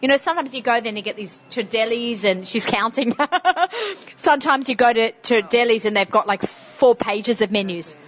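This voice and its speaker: A woman's voice: fairly high pitch, expressive, moderate pace, hardly any pauses. A middle-aged woman with a strong Sydney Australian accent, hosting a casual interview, chatty and laughing often. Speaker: radio show host. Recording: slightly muffled recording.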